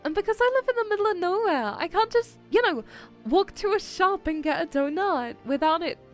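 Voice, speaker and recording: Brief: young woman streamer, bubbly, way up high in pitch, swoops all over, giggly and playfully dramatic. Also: animated, brisk, faint music behind. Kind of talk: casual livestream chat.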